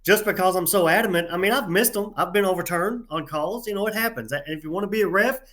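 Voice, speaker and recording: Halting Southern-drawl man, higher voice. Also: a bit bright. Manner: halting, many filler sounds, folksy and self-deprecating. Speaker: head tournament referee, guest. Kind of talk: casual interview storytelling.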